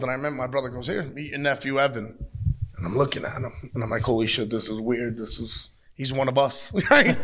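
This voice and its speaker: A man's voice: fairly high pitch, vocal fry. Blunt, profane man telling stories. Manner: blunt, profane, animated storytelling. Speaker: pro wrestler, interview guest. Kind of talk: casual interview talk. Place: at a wrestling show taping.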